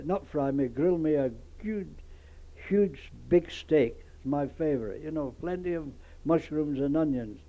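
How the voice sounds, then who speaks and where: Older man rambling on a dull home tape. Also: fairly high pitch. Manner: chatty, meandering, with frequent ums and restarts. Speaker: grandfather recording an audio letter. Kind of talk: rambling spoken letter on tape.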